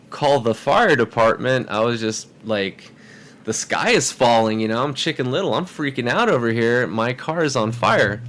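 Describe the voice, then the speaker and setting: A man telling a story in a casual podcast chat, acting out the voices of people in it. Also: medium pitch. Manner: animated, acts out quoted voices. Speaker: podcast guest.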